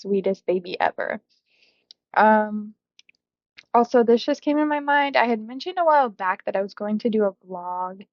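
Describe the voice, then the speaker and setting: A woman's voice: medium pitch, no echo, dull audio. Giggly young woman, rambling coloring chat. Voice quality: giggly, laughs often mid-sentence. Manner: rambling, self-interrupting, bubbly. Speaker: coloring YouTuber. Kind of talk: casual chatty voice-over while coloring.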